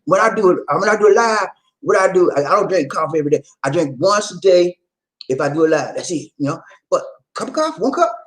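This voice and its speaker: A man hosting a casual live-stream talk about relationships, animated, repeating phrases and calling out to his viewers. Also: high-pitched, fast talker, rough recording.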